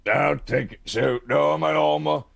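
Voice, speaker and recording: A man playing a tabletop game, joking and theatrical, with a gravelly, husky voice. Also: normal speed. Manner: joking, theatrical, swoops in pitch. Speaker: player.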